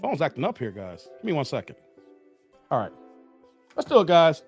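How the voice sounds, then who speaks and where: Animated high-voiced man hosting a livestream. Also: normal speed, breathy edge, faint music behind. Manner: animated, blunt, talks straight to chat. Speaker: livestream host. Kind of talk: casual livestream commentary.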